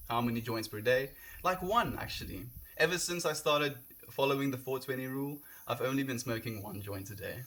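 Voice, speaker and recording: A young South African livestreamer whose first language was Afrikaans chats outdoors in the wind, reading viewer comments out loud. His middle-pitched voice is bright and forceful, a little fast, and he is casual, sincere, and gushing with thanks.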